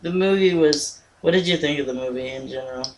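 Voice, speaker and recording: A man's voice: a little high, rough recording. Joking young man over a hissy line. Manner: joking, crude asides and quick agreement. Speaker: movie review co-host. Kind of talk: casual movie recap chat. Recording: clear background hiss.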